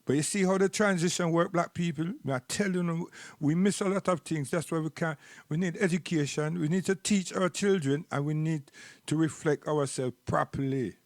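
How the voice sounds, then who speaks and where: Jamaican man, rambling live-stream host, raised pitch, preachy, repeats words, dry sound. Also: moderate pace, dry recording.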